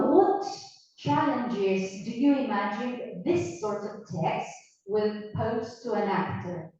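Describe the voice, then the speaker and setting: Woman lecturer, Argentine accent, native Spanish speaker, unhurried and encouraging; muffled recording in an echoey classroom. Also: mid-range voice, darkish tone. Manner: slow, encouraging, asks questions and repeats words. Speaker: teacher. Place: university classroom. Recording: echoey classroom, distant mic, dull sound.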